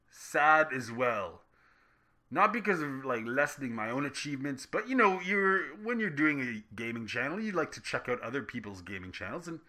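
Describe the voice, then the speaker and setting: A man hosting a casual gaming vlog Q&A, rambling and joking with self-deprecating asides, his delivery swinging between loud and soft. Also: medium pitch. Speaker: gaming YouTuber answering viewer questions.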